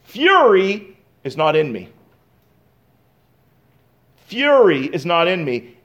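A man preaching an expository sermon as pastor, reading scripture slowly and swinging between loud and soft. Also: high-pitched, sing-song, lo-fi sound.

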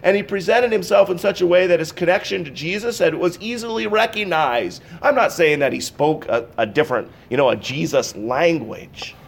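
A male pastor preaching a sermon to a church congregation, swinging between loud, emphatic bursts and quiet, intense passages. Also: on the high side, moderate pace, gravelly, hardly any pauses. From Pacific Northwest. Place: church sanctuary.

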